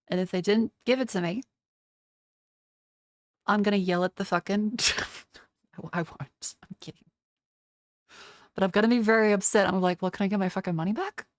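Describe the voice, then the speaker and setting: With a medium-pitched voice in a studio-quality recording with no echo, a young female streamer chats casually on her livestream. She rants profanely and imitates people in mocking voices.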